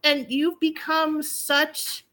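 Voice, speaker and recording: A woman's voice: high voice, slow pace. A middle-aged woman, telling stories in casual chat, acting out her own quotes. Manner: animated storyteller, acts out quotes, laughs often.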